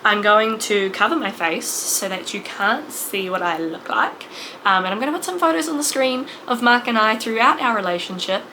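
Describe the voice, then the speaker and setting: A woman's voice: medium pitch, expressive, normal speed, pushed and bright, slight background noise, low-quality recording. A woman in her late twenties talking to camera in a personal vlog, emotional and rambling, full of fillers and restarts. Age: 20s. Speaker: vlogger.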